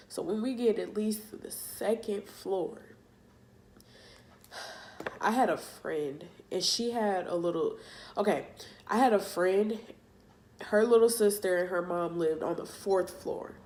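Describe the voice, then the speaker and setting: Slow-talking young woman telling a story. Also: mid-range voice, dark tone. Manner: emotional, halting retelling with casual slang. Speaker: vlogger. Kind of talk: storytime vlog.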